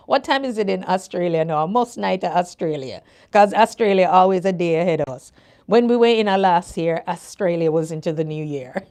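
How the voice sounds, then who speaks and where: A woman's voice: medium pitch, vocal fry, darkish tone. An older woman from Jamaica with a Jamaican accent, hosting a casual livestream and chatting with her viewers, laughing often. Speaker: nurse coach and livestream host.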